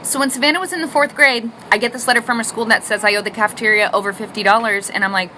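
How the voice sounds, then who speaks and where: Mom telling storytime stuff on her phone, high bright voice, super animated and dramatic. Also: racing, slight background noise. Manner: bubbly and dramatic, acting out every quote, laughing often. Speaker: mother telling family stories. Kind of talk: storytime monologue. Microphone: phone selfie recording.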